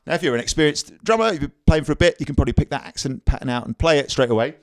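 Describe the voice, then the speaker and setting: A man giving a casual, upbeat drum lesson on video, chatting easily and counting rhythms out loud. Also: on the high side, racing, no echo. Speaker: drum teacher. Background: drum kit playing.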